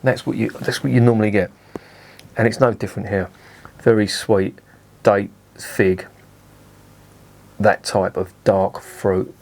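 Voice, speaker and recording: A man's voice: fairly low pitch, darkish tone. A man giving a casual beer review, blunt and enthusiastic, swearing freely.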